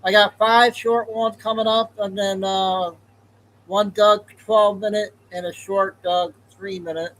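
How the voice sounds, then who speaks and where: A man's voice: high voice, little pitch movement, unhurried, a bit bright, rough recording. A male host making casual, offhand remarks between clips. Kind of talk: casual show links.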